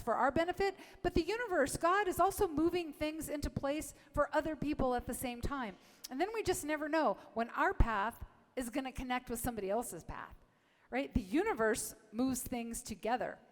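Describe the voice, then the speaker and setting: In a church sanctuary, a woman reverend with a slightly high voice gives a warm, encouraging sermon in a large hall. She leads her congregation in affirmations and often asks "right?".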